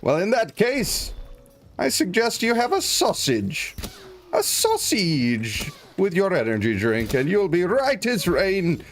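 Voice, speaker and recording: A man voicing a folksy old-timey male apothecary who sells snake oil, with slow, courtly shopkeeper patter. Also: high-pitched, wildly swooping pitch, soft background music, voice pushed up, full character voice. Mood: welcoming.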